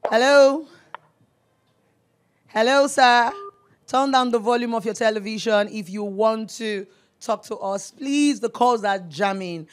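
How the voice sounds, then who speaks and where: A woman's voice: on the high side, a little slow, pauses often. Effusive Nigerian woman hosting call-in show. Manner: effusive, mixes Pidgin, calls everyone darling. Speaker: radio show host taking calls.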